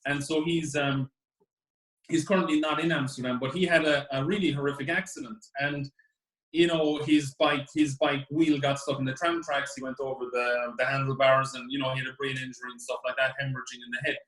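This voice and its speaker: A man's voice: little pitch movement, a little fast, fairly bright tone. A man co-hosting a casual chat, talking in a rambling, enthusiastic way. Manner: rambling, enthusiastic, breaks into high laughs. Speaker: co-host. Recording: echoey room.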